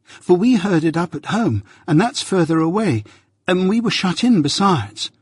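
A man's voice: high-pitched, animated, moderate pace, husky, no echo, clean studio sound, voice pushed up. A man voicing a timid, hesitant young boy.

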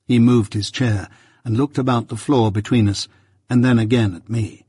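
Audiobook narrator, male, husky, measured storytelling. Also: mid-range voice, steady tone, mellow, no room sound, clean studio sound. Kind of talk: scripted narration of a classic novel.

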